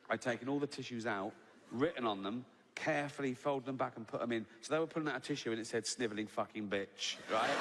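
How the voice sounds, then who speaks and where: A man's voice: mid-range voice, a bit bright. A man in his sixties with an English accent, telling a long stand-up anecdote in a chatty way, often asking "right?" and swearing. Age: 60s. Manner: chatty anecdotal delivery, peppered with "right?" and swearing, laughs at his own story. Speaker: stand-up comedian. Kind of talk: stand-up storytelling. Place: stage in a large hall with a live audience. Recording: reverberant hall, audience ambience.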